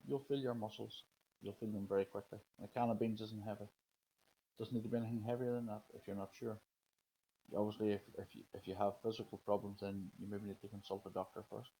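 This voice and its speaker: Man, lowish voice, casual spiritual card reader; calm, coaxing, leads slow breathing. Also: breathy edge, rough recording. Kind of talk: live oracle card guidance, casual talk.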